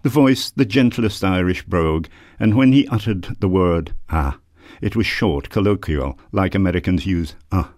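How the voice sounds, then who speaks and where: A man reading his own literary memoir aloud in a measured, dramatic way. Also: sits low, a little mellow, no room sound, clean studio sound.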